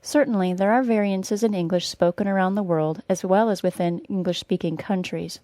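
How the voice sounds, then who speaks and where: A young woman from northern Wisconsin with a General American accent, teaching a pronunciation podcast lesson and slowing down to model each sound carefully. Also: medium pitch, mellow, no echo.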